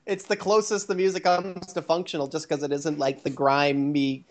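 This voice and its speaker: A man's voice: on the high side, little pitch movement, moderate pace. Thoughtful man in a game chat. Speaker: podcast co-host. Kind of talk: casual game review chat.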